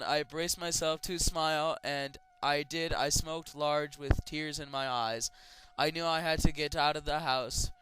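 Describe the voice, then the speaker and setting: A man's voice: a little high, sharp tone, clean tone, rough recording. A man giving a comedic reading of an amateur horror story, breaking off often to mock it in a sarcastic, exasperated way and swearing freely. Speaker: reader of amateur horror stories. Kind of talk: comedic dramatic reading with commentary.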